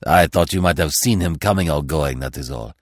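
A man voicing a fussy, sharp older male detective in a storybook reading, clipped and commanding. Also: extremely low pitch, fairly quick, no echo, clean studio sound, pitched below the performer's own voice. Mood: calm.

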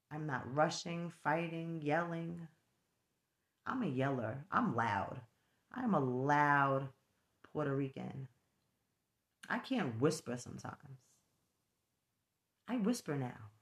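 A woman's voice: deep voice, gravelly. A middle-aged woman with a New York accent, chatting frankly to camera about her life, often tagging lines with "right?" and laughing between thoughts. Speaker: vlogger and mother. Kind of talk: casual reflective talk to camera.

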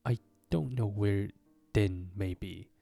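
A man's voice: lowish voice, takes it slowly, gravelly, dark tone, no echo, faint music behind, heavily acted. A man voicing a sulky, easily offended Mock Turtle creature in a storybook reading, insistent and touchy.

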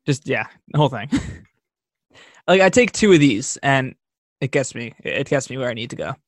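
A man's voice: mid-range voice, expressive, normal speed, no room sound, studio quality. A young man co-hosting a casual chat, laid-back and rambling, laughing often. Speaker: podcast co-host.

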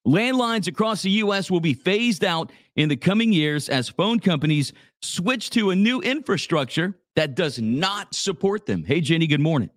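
A man's voice: sits high, expressive, normal speed, fairly bright tone, no room sound. A man hosting a live radio morning show from a small office studio, talking in a laid-back, chatty way and reading sponsor plugs. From Louisiana. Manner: laid-back, chatty, says dude a lot. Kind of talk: casual live radio talk with ad reads.

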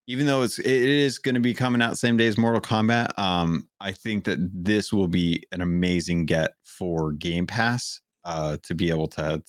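A man co-hosting a gaming podcast, talking things through in a thoughtful, measured way with many restarts. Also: deep voice, dry recording, studio quality. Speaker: podcast co-host. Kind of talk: casual chat.

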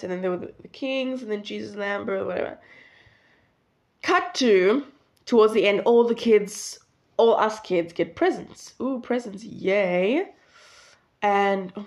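Chatty young woman telling a story. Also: mid-range voice. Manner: chatty, rambling, self-correcting, laughs at herself. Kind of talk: casual storytelling.

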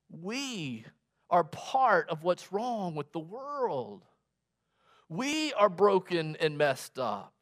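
A male pastor delivers a sermon at an unhurried, measured pace. He repeats key words for emphasis and lets his pitch rise and drop as he drives his points home. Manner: slow, deliberate preaching with emphatic repetitions.

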